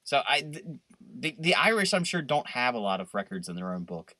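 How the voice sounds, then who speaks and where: A man co-hosting a podcast, ranting with profane, animated energy. His voice has a bright, forceful edge and sounds close and dry. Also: medium pitch, brisk, no room sound. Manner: riffing, profane, animated rants. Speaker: podcast co-host. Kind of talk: casual podcast banter.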